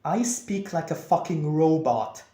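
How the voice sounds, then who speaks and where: A young man talking in a confessional vlog, with a monotone, over-enunciated delivery. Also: a little high, a little slow. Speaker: vlogger. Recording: echoey room.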